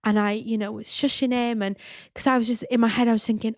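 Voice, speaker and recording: A woman, telling a personal story in a chatty, animated way with lots of "like" and "you know". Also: a little high, fairly quick, no echo, clean studio sound. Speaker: podcast host. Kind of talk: casual storytelling monologue.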